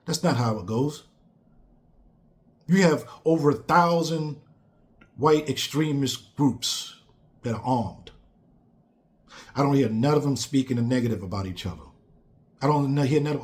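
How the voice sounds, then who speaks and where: A man's voice: mid-range voice, a little slow, pauses often. A man giving a blunt, emphatic casual monologue on politics, repeating phrases for stress. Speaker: commentator.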